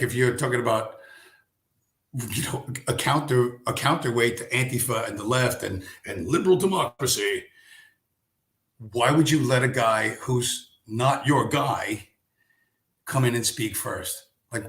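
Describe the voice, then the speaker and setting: A man's voice: mid-range voice, measured pace, a bit bright, reverberant. A man hosting a live stream, ranting in a casual way, sarcastic and profane, firing off rhetorical questions.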